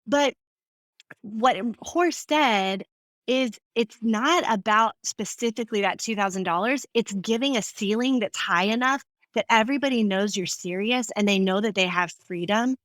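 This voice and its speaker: A woman's voice: a little high, normal speed, no echo. A woman guest on a podcast interview, telling stories animatedly and acting out the people she quotes. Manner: animated storyteller, acts out quoted voices. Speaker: guest speaker.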